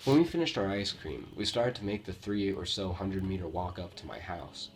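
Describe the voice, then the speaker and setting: A man from Romania with a Romanian accent, reading true scary stories aloud with a steady storytelling delivery and the odd slip. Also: low voice, moderate pace, a little hiss or hum. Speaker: horror story narrator. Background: faint background music.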